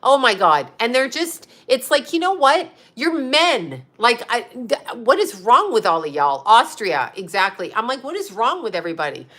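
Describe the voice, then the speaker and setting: A woman's voice: on the high side, very animated, measured pace, hardly any pauses, a bit bright. A woman in her fifties who hosts as a psychic and astrologer, chatting casually on a livestream, reading viewer comments, blunt and profane, laughing often. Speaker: psychic medium and astrologer host.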